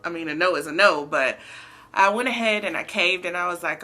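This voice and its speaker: A young woman vlogger telling a casual storytime, animated and slangy, talking straight to her viewers. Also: on the low side, normal speed, faint music behind. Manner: animated, slangy, addresses viewers as baby and girl.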